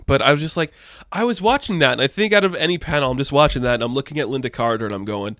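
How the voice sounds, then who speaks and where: A man giving casual, rambling commentary, chatty and quick to laugh. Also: mid-range voice, expressive, fairly bright tone, dry recording, studio quality. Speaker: pop culture commentator.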